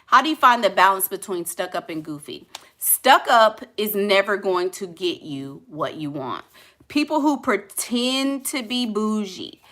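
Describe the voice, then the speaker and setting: A relationship coach with a New Orleans accent dishes out blunt, sassy advice in a casual, colloquial way. Her mid-range voice is bright and animated, with a forceful tone, and she takes her time.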